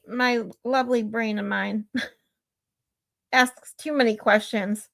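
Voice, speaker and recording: Woman, middle-aged, livestream host, a bit high-pitched, rambling casual chat, reads viewer comments. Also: fairly even intonation, takes it slowly, vocal fry, long pauses. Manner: laughs often.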